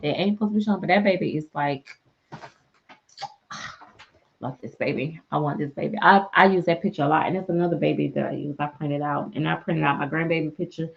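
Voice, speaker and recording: Middle-aged woman, laughing storyteller on a live stream, lowish voice, dull lo-fi audio. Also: steady tone, rapid-fire, gravelly, hardly any pauses. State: sleepy. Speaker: reborn doll artist and live streamer. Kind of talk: casual live-stream chat.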